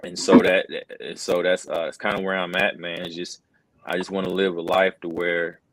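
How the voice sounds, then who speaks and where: Middle-aged male interview guest, very deep voice, earnest and casual, lots of "bro". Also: flat delivery, normal speed, no room sound, rough recording. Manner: earnest, says "bro" and "man" a lot, many restarts. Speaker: wrestling commentator, interview guest. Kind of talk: casual conversational storytelling.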